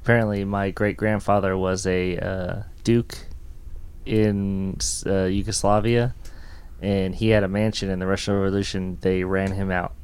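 A man's voice: deep voice, little pitch movement, normal speed, a little mellow, clean tone. A man in a casual chat, telling a family story hesitantly with uhs.

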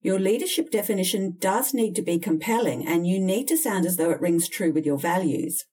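Direct woman coaching, husky tone. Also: lowish voice, expressive, brisk, warm tone, distant mic. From Australia. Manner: direct, emphatic, candid. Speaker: interview and communication coach. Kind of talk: instructional advice talk.

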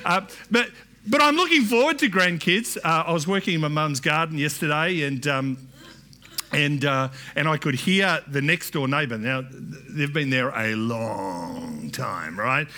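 A middle-aged male pastor delivers a sermon in a church. His voice sits high and sounds bright and forceful, and he keeps it conversational, restarting phrases and slipping into asides. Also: normal speed.

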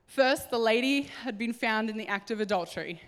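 A woman preaching a sermon, telling a Bible story in an animated way and acting out the voices. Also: on the high side, a little fast. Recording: hall reverb.

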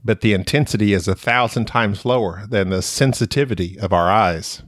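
A man's voice: fairly low pitch, moderate pace, dry recording, studio quality. A man co-hosting a podcast, playful in casual banter, laughing a lot and trying goofy voices. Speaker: podcast co-host.

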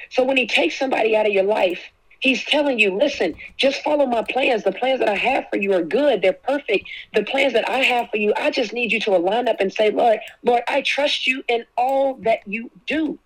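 A woman's voice: fairly high pitch, moderate pace, poor audio. A woman giving a preaching-style faith talk, emphatic, repeating key phrases and speaking prayers aloud.

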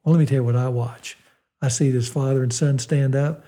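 Older american guy, warm mellow voice, tells stories and acts out the quotes, slows way down to make a point. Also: medium pitch. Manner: animated storyteller, acts out quoted dialogue, slows for emphasis. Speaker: fatherhood speaker and guest. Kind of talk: storytelling talk with a Christian slant.

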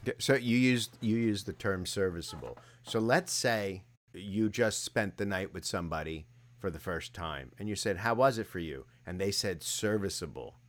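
A man's voice: low voice, moderate pace. A man co-hosting a podcast, chatting casually and playfully, often laughing and teasing. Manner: playful, laughing, trying a mock Russian accent. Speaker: podcast co-host. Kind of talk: casual chat.

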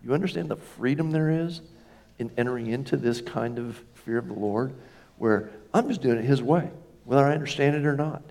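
A man's voice: medium pitch, brisk, vocal fry, a little mellow. A man preaching as a pastor in a conversational storytelling sermon, folksy, with self-deprecating humor and rhetorical questions.

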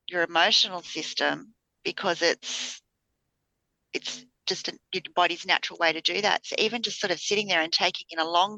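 Bright, dry-voiced woman podcast host. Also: on the low side, no room sound, poor audio. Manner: rambling, many fillers and restarts. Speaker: podcast co-host, spiritual healer. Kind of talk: casual chat.

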